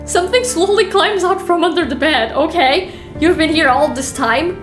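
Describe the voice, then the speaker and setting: A young woman streaming a horror game, reading the text aloud with animated, giggly reactions between stretches of calm narration. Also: extremely high pitch, normal speed, over music. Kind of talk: reading a horror visual novel aloud while playing.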